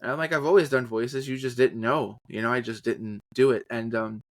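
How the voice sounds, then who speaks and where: A man chats loosely about his work, full of energy and quick to jump into impressions. His voice sits at a middle pitch. The sound is dry and close, with no room around it. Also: no room sound. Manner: animated, slips into trailer and character voices. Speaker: podcast guest, voice actor and journalist. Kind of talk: casual storytelling interview.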